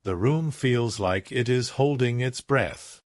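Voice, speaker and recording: A man narrating a scripted story in a slow, deliberate storytelling manner. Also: mid-range voice, no room sound, clean studio sound.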